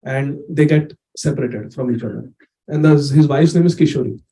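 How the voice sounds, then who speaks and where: A man's voice: medium pitch, normal speed, mellow. A man giving a storytelling sermon in a chatty way, laughing often and acting out the tale. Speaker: speaker giving a scripture discourse.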